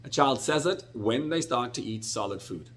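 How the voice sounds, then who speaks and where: A middle-aged man, a rabbi, teaching a Torah class with animated, expressive storytelling and sudden jumps in pitch. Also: normal speed.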